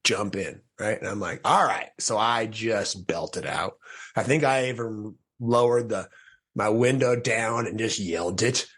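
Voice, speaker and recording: A man with a low, breathy-edged voice tells his own story as a podcast guest. He talks earnestly and in fits and starts, often restarting a thought mid-sentence. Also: unhurried. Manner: earnest, restarts sentences, animated when quoting. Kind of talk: personal storytelling in a podcast conversation.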